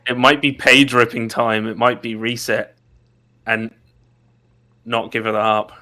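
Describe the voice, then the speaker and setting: A man's voice: mid-range voice, flat delivery, unhurried, bright, forceful tone. A man playing in a tabletop game, thinking aloud about rules and tactics. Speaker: player. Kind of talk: casual game talk.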